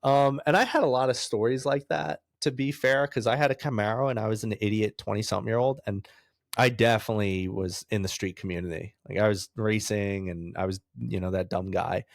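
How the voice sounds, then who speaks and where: A man in his thirties from New York, talking as a podcast guest and acting out the people in his stories. His voice sits fairly low and sounds close and dry, with little room around it. He laughs often as he talks. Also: fairly quick, gravelly, dry recording. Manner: animated storyteller, laughs often, acts out other voices. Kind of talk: casual storytelling interview.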